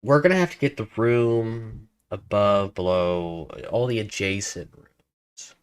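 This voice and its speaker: A man streaming while he writes code, thinking aloud in a halting, self-correcting way. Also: fairly low pitch, clean tone. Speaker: game developer streamer. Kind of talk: casual live coding chat.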